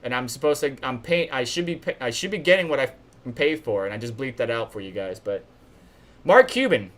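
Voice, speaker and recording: A man's voice: medium pitch, brisk, a bit bright. A man hosting a live stream, giving casual news commentary in a chatty, blunt way and complaining openly.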